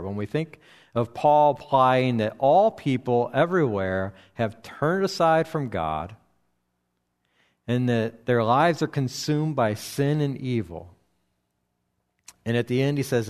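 A man giving an expository Bible lesson in an unhurried, measured way. He pauses often and restarts his phrases as he works through each verse. His voice sits at an ordinary middle pitch. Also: animated. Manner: slow and deliberate, with frequent fillers and restarts. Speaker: preacher.

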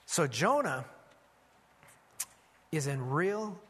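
Emphatic high-voiced preacher in a reverberant hall. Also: male voice, very animated, very slow, husky. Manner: emphatic, drops low and quiet for warnings, calls for congregation response. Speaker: pastor. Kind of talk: sermon.

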